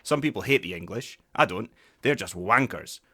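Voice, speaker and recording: A man's voice: fairly low pitch, lively intonation, moderate pace, husky, soft background music, pitched above the performer's own voice, full character voice. A Scottish man reciting a young Scottish man's angry, sweary tirade about his country. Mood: bitter. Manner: angry sweary tirade, louder than his usual talk.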